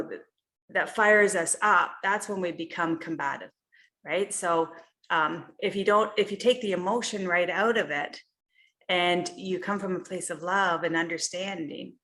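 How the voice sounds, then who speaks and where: A woman's voice: lowish voice, sharp tone. Woman coaching a group over a video call. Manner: conversational, with frequent "you know" and "right?" check-ins. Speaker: health and life coach. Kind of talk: online group coaching session.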